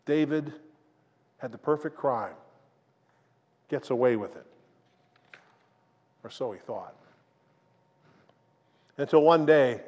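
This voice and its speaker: A man preaching a sermon, retelling a story dramatically and swinging between loud and hushed delivery. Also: a little high. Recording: long reverb of a large hall.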